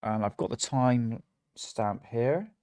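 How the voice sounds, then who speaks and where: A man with a medium-pitched, darkish voice speaks slowly, recorded with clean studio sound and no room echo. He's a livestream host chatting casually, mocking what he watches and laughing often.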